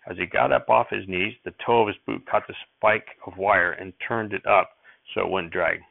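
A man narrating a first-person audiobook chapter in steady storytelling, recorded with tinny phone-like sound. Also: low-pitched, normal speed, vocal fry, dry recording.

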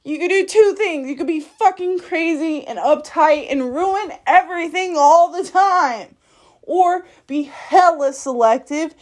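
A woman with a high voice talks slowly through a candid personal monologue. She is blunt and swears freely, often laughing mid-sentence. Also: darkish tone. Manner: frank and profane, laughs often while telling. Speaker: podcast host.

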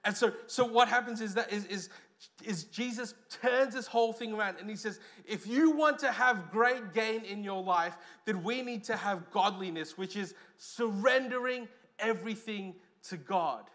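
A man with an Australian accent preaching a sermon as pastor, lively, with loud stresses and quiet asides. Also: sits high, moderate pace.

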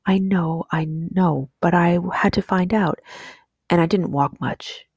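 Serious sick little boy, read by a woman, thoughtful, husky voice. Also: on the low side, slow pace, a little mellow, no room sound. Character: sickly young boy, serious but calm.

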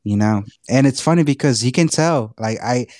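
A man's voice: medium pitch, expressive, moderate pace, darkish tone, no echo, clean studio sound. Laid-back Texan man chatting. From Texas. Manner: laid-back, rambling with many fillers. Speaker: podcast co-host. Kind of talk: casual chat.

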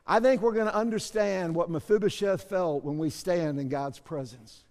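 A man pastor preaching a sermon, moving between soft asides and loud shouted bursts. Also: high-pitched, normal speed, hardly any pauses, big-room sound.

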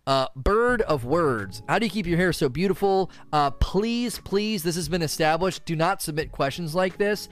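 A man streaming casual gaming commentary, answering community questions in an animated, exasperated rant with frequent repetitions. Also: on the high side, normal speed, hardly any pauses.

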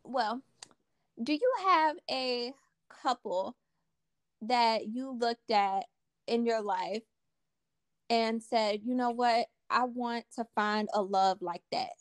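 A woman's voice: fairly high pitch, slow pace, long pauses, clear, resonant tone, no echo. A woman hosting a podcast conversation, talking earnestly and repeating her key points for emphasis. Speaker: podcast host.

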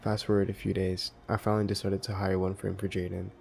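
A man narrating a scary story in a measured, scripted way. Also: deep voice, completely flat delivery, vocal fry, slight background noise. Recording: quiet ambient music behind.

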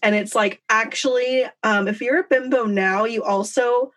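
A woman's voice: on the high side, fairly even intonation, moderate pace, crowd noise. A young woman in casual chat, rambling with lots of "like" fillers.

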